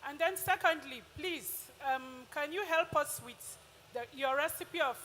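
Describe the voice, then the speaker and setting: A woman's voice: high voice, unhurried, sharp tone. Hesitant woman in the audience. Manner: hesitant, with many fillers. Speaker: audience member asking questions. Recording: reverberant hall with faint noise.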